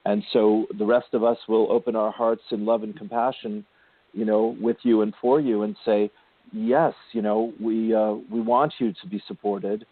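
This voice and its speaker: A man hosting a spiritual radio show, gently counseling a caller and calling her darling and sweetie. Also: fairly low pitch, dry recording. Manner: gentle, affectionate, calls listeners darling and sweetie. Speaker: spiritual intuitive radio host. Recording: tinny phone-line sound, dry.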